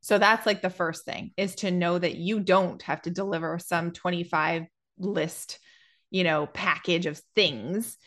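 A woman speaking as a business coach in a casual podcast conversation, explaining in a measured, thoughtful way with pauses. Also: lowish voice, steady tone, fairly bright tone.

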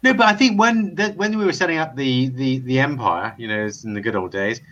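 A man's voice: medium pitch, expressive, a little fast, a bit bright. A man calling into a casual show, rambling and good-humoured. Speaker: call-in guest. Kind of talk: casual chat. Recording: dull lo-fi call audio.

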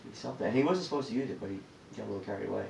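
A man's voice: on the low side, racing, gravelly, darkish tone, a little hiss or hum. A man chatting casually at home, telling jokey, profane stories. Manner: joking, profane storytelling. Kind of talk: casual chat. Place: apartment room. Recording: echoey room, mic far off.

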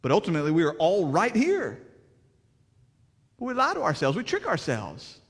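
A man preaching a sermon with emphatic delivery and rhetorical questions, swinging between loud declarations and hushed passages. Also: on the high side, huge pitch swings, normal speed, creaky, slightly rough, in a large hall. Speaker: pastor.

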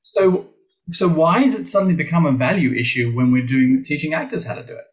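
A man's voice: a little high, brisk, rough recording. A middle-aged Australian man, a voice teacher, talking animatedly in a podcast interview, with playful asides to the listeners. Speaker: guest, voice teacher.

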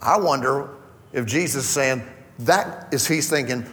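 A man's voice: on the high side, moderate pace, a bit bright, big-room sound. A man preaching a conversational sermon as pastor, acting out quoted voices as he goes. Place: church hall.

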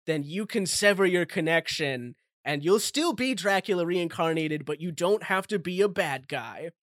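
A man's voice: high voice, expressive, normal speed, a bit bright, no room sound, clean studio sound. A man recounting Alucard, brooding vampire son. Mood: calmly reassuring.

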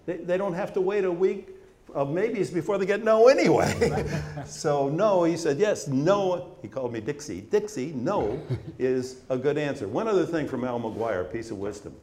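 A man's voice: a little high, animated, normal speed, a little mellow. A man sharing anecdotes and advice in conversation, sometimes repeating words as he starts a thought. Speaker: author and guest. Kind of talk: storytelling in conversation. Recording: roomy echo.

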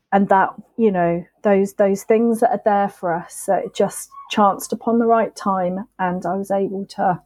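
A woman on a podcast, telling her sobriety story in a candid, emotional, halting way. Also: fairly high pitch, warm tone, no room sound, rough recording. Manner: emotional, halting, with frequent restarts and swearing.

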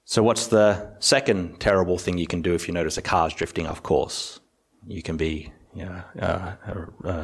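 Deep-voiced monk giving a calm talk. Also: male voice, normal speed, slightly rough. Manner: calm, explanatory, uses everyday analogies. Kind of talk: meditation teaching talk.

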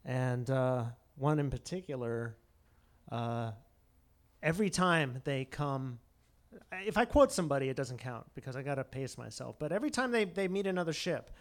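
A man's voice: medium pitch, animated, normal speed. A man chatting casually, telling a story in a digressive, joking way and acting out the quotes. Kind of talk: casual chat.

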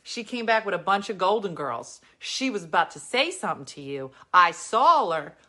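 Tough, protective old lady security guard, as a woman puts her on, firm and lively, bright voice, a touch lower than her own. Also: moderate pace. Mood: reassuring.

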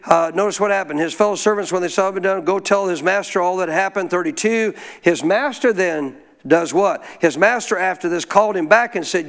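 A man teaching scripture in a folksy, informal way, prompting listeners to answer him out loud. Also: sits high, brisk, hardly any pauses. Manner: call-and-response, prompts listeners to answer aloud. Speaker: Bible teacher. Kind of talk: interactive Bible teaching.

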